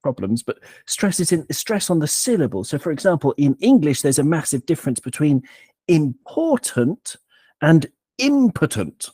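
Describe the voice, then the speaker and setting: A man hosting a football podcast, talking in a playful, digressive, animated way. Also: a little high, fairly quick, few pauses, husky, no room sound, studio quality. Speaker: podcast host. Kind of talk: casual football chat.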